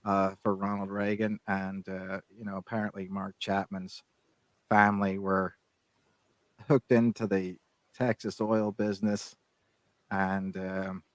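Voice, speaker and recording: This fifties-aged podcast co-host speaks low and level, wandering through relaxed conversation while he keeps stopping, restarting and dropping in fillers. There's no room sound on the recording.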